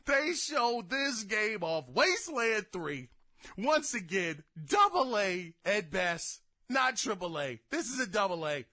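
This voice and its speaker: A young man hosting a gaming podcast, giving casual commentary in exasperated, theatrical rants that break into shouted outbursts. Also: high-pitched, very animated, takes it slowly. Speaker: podcast host.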